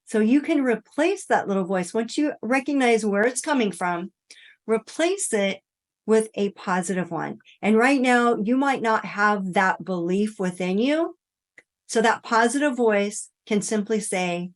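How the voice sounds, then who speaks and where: A woman coaching listeners through a self-love talk in a gentle, encouraging way, speaking straight to the listener and dropping soft and quiet for affirmations. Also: mid-range voice, lively intonation, unhurried. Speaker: wellness coach. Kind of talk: guided self-help talk.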